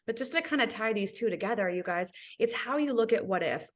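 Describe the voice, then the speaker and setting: A woman's voice: on the high side, expressive, brisk. A woman hosting a podcast, chatting casually and with enthusiasm. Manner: enthusiastic, talks about her family. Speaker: podcast host.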